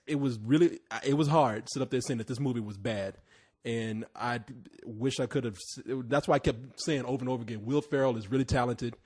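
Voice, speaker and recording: A man's voice: mid-range voice, darkish tone, breathy edge. A man hosting a casual podcast chat, talking in long rambling runs with restarts. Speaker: podcast host.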